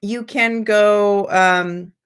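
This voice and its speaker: An American woman teacher trainer giving an online lecture, patient and explanatory, her pitch jumping up when she acts out prompts. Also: fairly even intonation, very slow, smooth. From United States.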